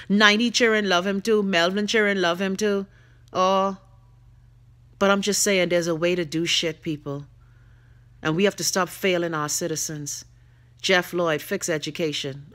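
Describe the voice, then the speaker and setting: A woman's voice: on the low side, a bit bright. A Bahamian woman hosting a live web show, ranting bluntly and profanely while she reads viewer comments. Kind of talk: livestream rant while reading viewer comments.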